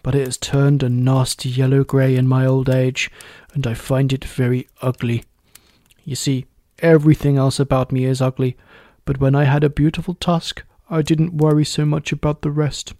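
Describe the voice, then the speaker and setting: Guy reading as a grumpy old rhino, deep n slow, dry close sound. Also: little pitch movement, dark tone, dry recording, lightly acted. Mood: mournful. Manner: deep and angry. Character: old, gloomy, angry rhinoceros.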